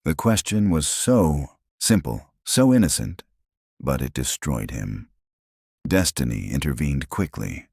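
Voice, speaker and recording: A man with an extremely deep voice narrates a dramatic story in a steady, scripted style. His pitch moves in lively swings, and the sound is dry and close to the mic. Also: measured pace, creaky, no room sound.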